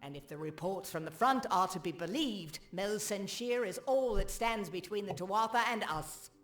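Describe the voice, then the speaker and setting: An actress playing a middle-aged village weaponsmith in a fantasy game, speaking with a British accent in a stern, matter-of-fact way. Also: female voice, mid-range voice, moderate pace, a bit bright, soft background music, lightly acted. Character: weaponsmith village woman, former would-be soldier. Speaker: game character. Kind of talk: game dialogue.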